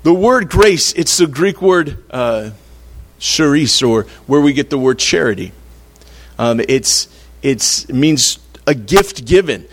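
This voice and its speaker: A man's voice: fairly high pitch, expressive, takes it slowly. A man preaching a sermon in a conversational, playful way, acting out little quotes to make his point. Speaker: pastor.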